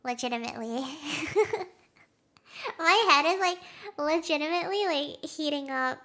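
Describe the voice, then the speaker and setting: A young woman streams live with her audience in a casual, chatty way, giggling often and reacting strongly. Her voice sits high and bright. She speaks slowly and lets her words drawl out. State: has a headache.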